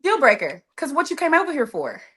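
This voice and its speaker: A woman's voice: sits high, huge pitch swings, fairly quick, a bit bright. A woman guest on a podcast in casual chat, talking in an emphatic, sassy way.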